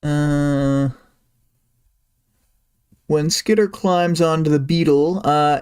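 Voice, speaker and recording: A man's voice: on the high side, a little mellow, clear, resonant tone. Casual man recapping a story with many ums. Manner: recaps the story loosely, with frequent ums and uhs and asides. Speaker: livestream host.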